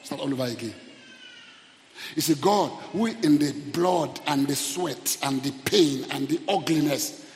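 A man preaching a fervent sermon in a church auditorium, calling out to the congregation and rising to shouted peaks. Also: on the high side, a little slow, in a large hall, a little hiss or hum. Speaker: pastor.

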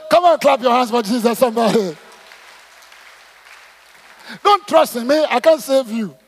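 Husky, animated preacher man. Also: extremely high pitch, moderate pace, some chatter behind. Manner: animated, swings between shouting and soft asides, calls for congregation responses. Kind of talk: sermon, reading and expounding scripture. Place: church auditorium. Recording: long hall reverb in church auditorium.

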